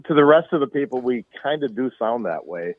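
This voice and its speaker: A man's voice: mid-range voice, animated, a little fast. A man from northern Minnesota calling in to a talk show, rambling with many restarts. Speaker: caller. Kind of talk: casual talk show call. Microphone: telephone. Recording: phone-like line.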